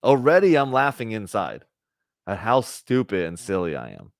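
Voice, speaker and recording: A man's voice: fairly low pitch, huge pitch swings, moderate pace, gravelly, dry recording. A man giving a conversational spiritual talk to a group, often checking in with "right?" and acting out little bits of dialogue. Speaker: spiritual teacher.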